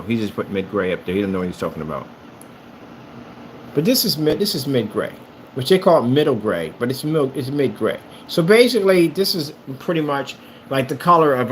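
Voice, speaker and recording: A man's voice: medium pitch, a bit bright, a little hiss or hum. A man who makes screen paint rants at a rival in a combative, mocking tone, repeating his jabs. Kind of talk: ranting vlog.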